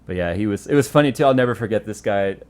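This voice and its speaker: A lively American man chatting on a tech podcast, his pitch jumping all over as he tells a story. He laughs easily, throws in swear words, and keeps a loose, joking rhythm. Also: rapid-fire, smooth. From United States. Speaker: tech show host. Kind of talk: casual podcast chat.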